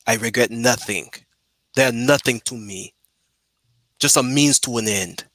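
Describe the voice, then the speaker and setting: A man puts on a cold, boastful warlord who brags about his killings in a low, quiet, menacing voice. The tone is bright and forceful, and the sound is dry and close. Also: unhurried, no room sound, lightly acted.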